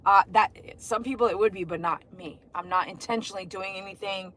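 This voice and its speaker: A woman's voice: medium pitch, a little fast, a bit bright. A middle-aged woman, chatting on a livestream, effusively greeting viewers by name and leading sing-song chants. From Texas. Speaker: dog groomer and livestream host. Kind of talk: casual livestream chat.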